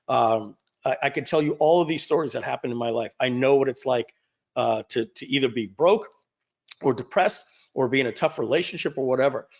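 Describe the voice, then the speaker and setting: A man telling a personal story to his audience as an event speaker and host, acting out the dialogue as he goes. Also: medium pitch. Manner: animated storyteller who acts out dialogue. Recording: dull lo-fi audio.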